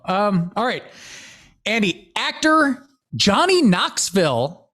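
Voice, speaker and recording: A man's voice: high voice, huge pitch swings, slow, a bit bright. A man co-hosting a podcast in casual chat, laughing often and acting out quotes. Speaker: podcast co-host.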